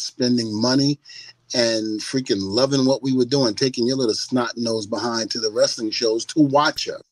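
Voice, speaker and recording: An older man chats as a podcast guest, animated and quick to laugh, swearing as he goes. His voice sits at a middle pitch. The sound is dry and close. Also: dry recording. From United States. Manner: animated storyteller who laughs often and swears freely. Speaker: guest, former wrestler. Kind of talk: casual podcast chat.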